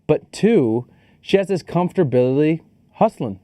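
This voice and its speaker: A man co-hosting a podcast, giving a casual movie review, animated and swearing freely. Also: on the high side, no room sound. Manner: animated, swears freely, quotes people in quick asides. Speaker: podcast co-host.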